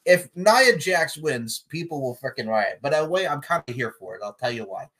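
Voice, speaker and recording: A man hosting a casual chat, animated and joking, with sudden loud bursts. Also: a little high, a little fast. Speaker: podcast host predicting wrestling matches.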